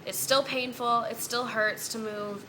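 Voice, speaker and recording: A woman's voice: a little high, fairly even intonation, a little slow, sharp tone, a little hiss or hum. A young woman in a casual vlog, venting bluntly and cursing freely. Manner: blunt, heavy cursing, exasperated. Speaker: vlogger.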